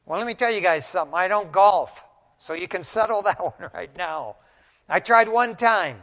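A middle-aged man preaches in a loose, storytelling way, leaning on "man" as he goes. His voice sits a little high. The sound rings with the long reverb of a big church hall. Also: normal speed. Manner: folksy, animated storytelling preacher, says "man" often. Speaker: pastor. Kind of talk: conversational sermon. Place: church sanctuary.

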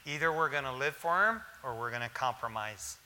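A man's voice: medium pitch, lively intonation, brisk, pushed and bright. Man preaching in a reverberant sanctuary. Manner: casual, storytelling preacher with slangy asides. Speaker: pastor. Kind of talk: sermon. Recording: hall reverb.

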